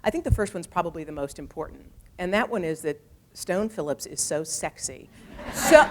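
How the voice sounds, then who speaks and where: Woman telling lively stories in a speech. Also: fairly low pitch, brisk, background noise. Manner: lively, animated storytelling with quoted voices. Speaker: speaker giving a talk. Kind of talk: storytelling speech.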